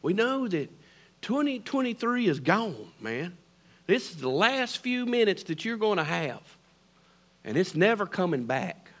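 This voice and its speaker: A middle-aged man with a Southern American accent preaching a sermon, swinging between loud declarations and hushed near-whispers. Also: sits high, very animated, a little slow. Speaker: pastor.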